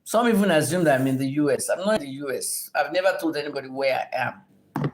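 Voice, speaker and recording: A woman's voice: deep voice, fast talker. A middle-aged woman from Nigeria, hosting a livestream and scolding her viewers in a combative, profane manner. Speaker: livestream host answering viewers. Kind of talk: livestream rant and Q&A.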